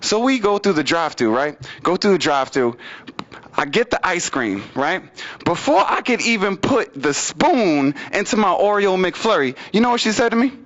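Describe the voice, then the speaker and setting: Man, stand-up comic, fairly high voice, rambling and repetitive, dull lo-fi sound. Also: sing-song, normal speed, a bit bright. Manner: loose, rambling delivery with many fillers and repeats; swings his pitch widely for impressions. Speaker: stand-up comedian. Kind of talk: open mic stand-up comedy. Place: small studio stage with audience.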